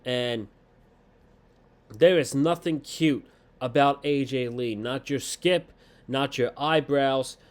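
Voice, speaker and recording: A man putting on a weird, high voice to mimic an angry, dramatic woman wrestler while retelling a show. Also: slow pace, long pauses, lightly acted. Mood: mocking. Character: furious shrill woman wrestler, mocking and dramatic.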